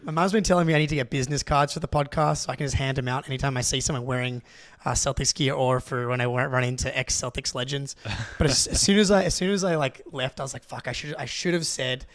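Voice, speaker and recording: Excitable young Australian man telling a story. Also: medium pitch, fast, no room sound. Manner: excitable, rambling with many restarts. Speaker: podcast co-host. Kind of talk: casual storytelling.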